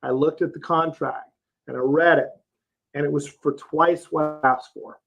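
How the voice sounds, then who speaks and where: A man's voice: a little high, steady tone, moderate pace, creaky. A man in his fifties from Texas, a roofing company CEO telling his career story as a guest in a casual interview, plain-spoken and folksy. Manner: plain-spoken, folksy, lots of "uh" and "you know". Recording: slightly dull, lo-fi podcast audio.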